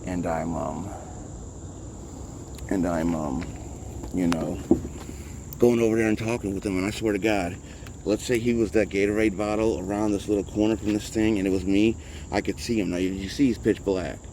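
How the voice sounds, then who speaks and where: A man's voice: deep voice, fairly even intonation, normal speed, gravelly, pauses often, noisy background. A man chatting casually and rambling as he films street cats outdoors on a handheld phone, a bit out of breath. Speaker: vlogger caring for street cats. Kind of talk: casual vlog narration.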